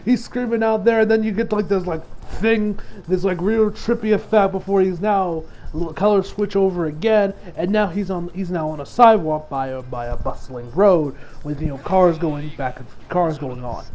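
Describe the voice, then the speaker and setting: High-voiced man recapping an episode. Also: normal speed, a little mellow, a little hiss or hum. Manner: rambling, laughing, lots of fillers. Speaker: anime reviewer.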